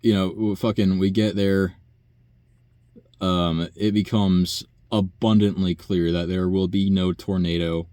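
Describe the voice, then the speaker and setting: A man's voice: low-pitched, little pitch movement, a little slow, warm tone, no room sound. A young man, a nursing home worker, telling a long profane story in a rambling, sighing way. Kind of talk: casual rant monologue.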